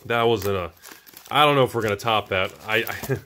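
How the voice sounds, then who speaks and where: A man hosting his own channel, opening booster packs and reacting with excited exclamations. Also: lowish voice, fairly quick, slight background noise. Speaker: host of a card-collecting channel. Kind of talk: casual booster box opening.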